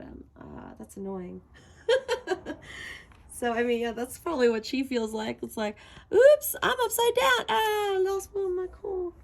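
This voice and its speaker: A woman's voice: medium pitch, slight background noise. A woman doing a casual tarot reading for her viewers, chatty and giggly and talking straight to them. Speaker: tarot reader.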